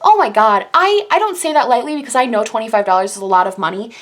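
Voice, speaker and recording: Gushing young woman reviewing makeup. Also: on the high side. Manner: gushing, animated, quick bursts of enthusiasm. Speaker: beauty YouTuber. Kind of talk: casual product review.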